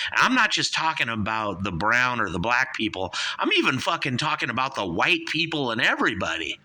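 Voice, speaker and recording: A man's voice: mid-range voice, wildly swooping pitch, a little fast, hardly any pauses, sharp tone. A man from Southern California hosting a radio show, delivering a rambling, profane comedic rant.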